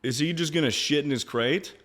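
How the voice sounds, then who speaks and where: A man's voice: on the high side, fairly quick, fairly bright tone. A young man streaming live, chatting casually in a rambling, crude way and laughing often.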